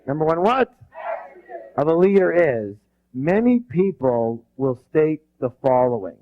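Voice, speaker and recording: A punchy man on stage, his voice sitting slightly high as he fires off "yes or yes?" and makes the room repeat after him. He gets emphatic and loud when he talks about passion. The recording is dull and lo-fi. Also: a little slow. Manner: energetic, drills the audience with rhetorical questions. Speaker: motivational seminar speaker. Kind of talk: live seminar talk with call-and-response.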